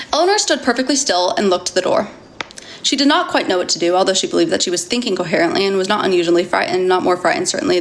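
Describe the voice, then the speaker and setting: Gravelly lady reading a book on stream, trips over words, chats to chat. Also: lowish voice. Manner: reads with stumbles and chatty asides to viewers. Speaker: livestreamer reading a novel aloud. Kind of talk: casual livestream reading aloud.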